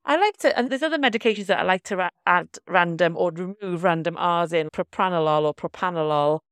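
Smooth-voiced Welsh woman chatting. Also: fairly low pitch, fairly quick, dry recording. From Wales. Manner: chatty, animated storytelling with laughter. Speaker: podcast co-host, doctor. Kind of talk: casual chat.

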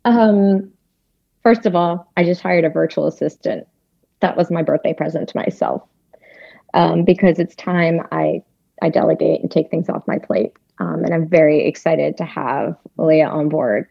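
Low gravelly-voiced woman guest. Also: normal speed, warm tone, dry recording. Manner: chatty, emotional, laughs easily. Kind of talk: talk show interview. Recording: dull, lo-fi sound.

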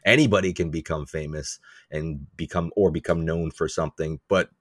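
A man's voice: very deep voice, a little fast, no room sound, clean studio sound. A married man co-hosting a podcast, chatting casually and joking, with frequent laughter. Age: adult, married. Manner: laughs often, animated and joking. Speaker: podcast co-host. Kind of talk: casual comedic chat.

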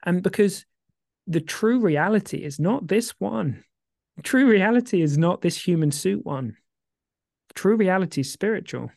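A man co-hosting a casual podcast, rambling with many restarts and getting excitable when he warms to a point. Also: high-pitched, a little slow, gravelly, no room sound, clean studio sound. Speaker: podcast co-host.

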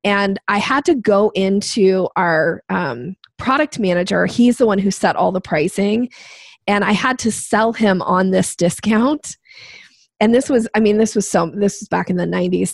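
Animated woman telling a sales story. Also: medium pitch, no room sound. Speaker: guest. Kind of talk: storytelling in a podcast interview.

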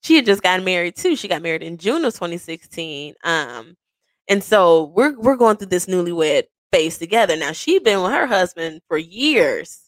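A woman in her thirties hosting a podcast, telling a personal story in a candid, profane, animated way. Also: on the low side, normal speed, no echo. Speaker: podcast host. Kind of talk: casual storytelling.

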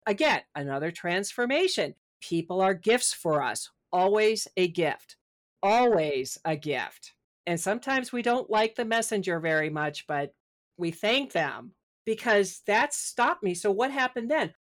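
A middle-aged author appears as a podcast guest, chatting casually and animatedly about spirit and personal growth and acting out her inner voice. Her mid-range voice is a bit bright, with lively intonation at a moderate pace.

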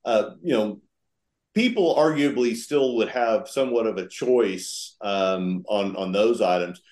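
A man speaking as an interview guest, explaining earnestly and deliberately and often circling back to rephrase. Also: on the low side, darkish tone. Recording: roomy, echoey sound.

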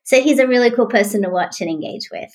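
Lady guest with a kinda high voice, super animated storyteller. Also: fast. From from outside the US. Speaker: author and guest. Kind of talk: storytelling interview talk.

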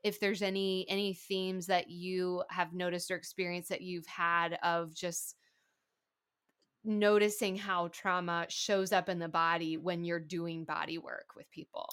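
A woman hosting a casual podcast interview, asking thoughtful, curious questions with a relaxed, searching manner. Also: fairly low pitch, a little slow, clean tone. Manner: thoughtful, curious, many "like" and "you know" fillers. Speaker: podcast host.

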